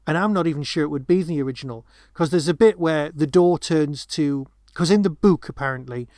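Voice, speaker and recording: With a slightly high, darkish voice at a fairly quick pace, a man co-hosts a podcast and talks casually about a film, restarting himself and going off on asides as he rambles. The recording is dry with clean studio sound.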